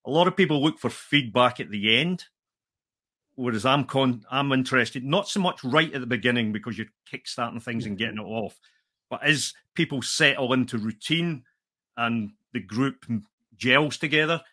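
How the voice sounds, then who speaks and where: A man's voice: mid-range voice, moderate pace, pushed and bright. A man hosting a podcast interview, thinking aloud and restarting phrases as he works through an idea. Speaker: podcast host. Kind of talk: conversational interview.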